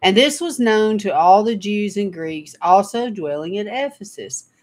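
A woman's voice: medium pitch, lively intonation, unhurried, darkish tone. A woman teaching a livestream Bible study, reading scripture and retelling stories in a chatty way with frequent laughter. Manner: chatty, laughs often while telling stories.

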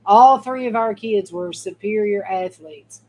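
A middle-aged mother shares her personal faith testimony as casual storytelling, speaking straight to her viewers in a folksy, emphatic way. Her medium-pitched voice is unhurried and a little mellow, and the recording quality is low.

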